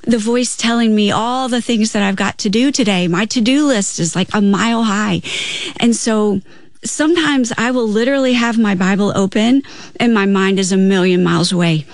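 A woman's voice: mid-range voice, normal speed, no echo. A woman guest in an earnest faith talk, telling personal stories and acting out her own prayers. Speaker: guest author.

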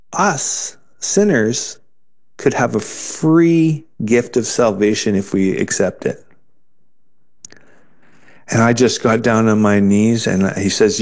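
A man telling his conversion story in an interview, earnest and halting, often restarting his sentences. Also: medium pitch, darkish tone. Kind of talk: personal testimony in an interview.

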